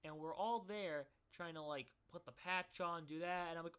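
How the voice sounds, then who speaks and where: A young man telling a rambling personal story in a casual, animated way, with many fillers and frequent laughs. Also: a little high, fairly quick, hardly any pauses. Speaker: vlogger.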